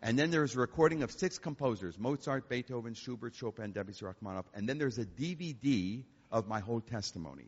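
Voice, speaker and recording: An older concert pianist, speaking as a guest in a church hall, has a medium-pitched voice with a breathy edge. He delivers joking stories to the audience with animated flair, recorded with hall echo and a dull lo-fi quality.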